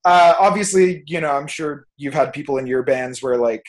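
A man's voice: on the high side, moderate pace. A young man, a music producer, ranting emphatically and swearing freely as a guest on a podcast. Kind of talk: casual podcast chat.

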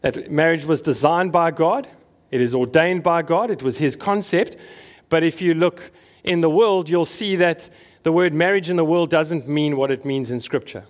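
Preaching to his congregation in a conversational style, a South African pastor asks them questions along the way. He speaks at a moderate pace in a slightly high voice.

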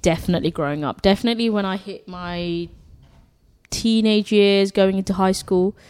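A podcast co-host talking in a casual, chatty way, full of fillers and repeated okays. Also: female voice, mid-range voice, moderate pace, darkish tone, clear, resonant tone. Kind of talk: casual chat.

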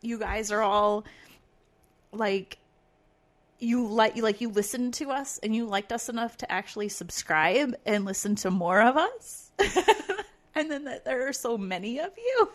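A woman's voice: a little high, animated, a little slow. A woman co-hosting a casual podcast, rambling with many fillers and frequent laughs. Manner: rambling, giggly, lots of fillers. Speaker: podcast co-host.

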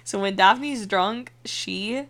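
A young woman in her twenties hosting a podcast, telling stories in casual, animated chat, full of swearing and "like". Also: mid-range voice, slow. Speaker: podcast host.

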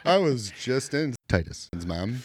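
A man's voice: medium pitch, sing-song, slow pace, very noisy. A man co-hosting a casual podcast, teasing his friends and laughing a lot. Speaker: podcast co-host. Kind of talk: casual banter.

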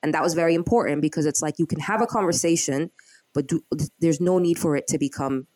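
A woman's voice: low-pitched, fast talker, no echo. A young woman chatting casually as a podcast co-host, retelling a TV drama and acting out the characters. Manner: animated storyteller acting out characters' lines. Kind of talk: casual chat.

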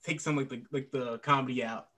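A man's voice: medium pitch, steady tone, brisk, pushed and bright. A man co-hosting a casual wrestling talk show, rambling with many filler words. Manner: rambling, heavy filler words, laughs often. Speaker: podcast co-host.

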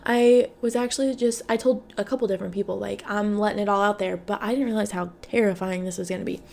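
Talking fast in a steady, creaky, somewhat mellow voice of medium pitch, a podcast host in her twenties gives a frank personal monologue. She's got the hiccups, says "like" constantly, and curses freely.

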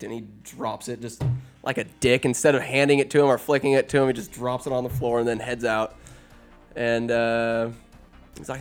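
A man's voice: mid-range voice, brisk, faint music behind. A man retelling a movie in a loose, crude, joking way, as a comedic host.

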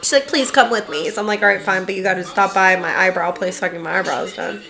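Bright, loud young woman. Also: medium pitch, quick pace, vocal fry. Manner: animated storyteller, loud laughs. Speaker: podcast co-host. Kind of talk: casual chat.

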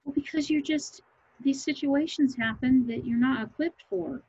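A middle-aged woman from Kansas, a comedian, talking loudly and emphatically in a rambling podcast chat. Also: high-pitched, normal speed, creaky, no room sound. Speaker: comedian guest. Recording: muffled lo-fi recording.

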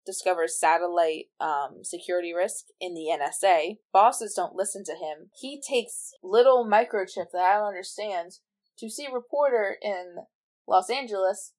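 A woman's voice: medium pitch, moderate pace, darkish tone. A young woman co-hosting a casual podcast, chatty and self-mocking as she recounts stories. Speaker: podcast co-host. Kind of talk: casual chat.

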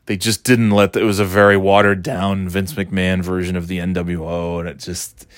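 A man's voice: deep voice, moderate pace, hardly any pauses, no room sound, studio quality. A man in his forties chatting casually, telling rambling, enthusiastic stories and laughing often. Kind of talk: casual chat.

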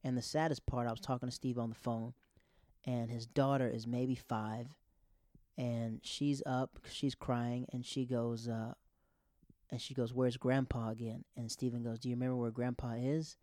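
A man in his thirties telling a casual personal story about a friend's late father, halting and restarting often, in a grieving state. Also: medium pitch, level tone, a little mellow, no echo, clean studio sound. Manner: rambling, halting, with many restarts.

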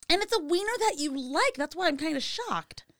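A woman's voice: extremely high pitch, lively intonation, moderate pace, a bit bright, no room sound, studio quality. A woman in her thirties in casual chat as a podcast co-host, crude and teasing.

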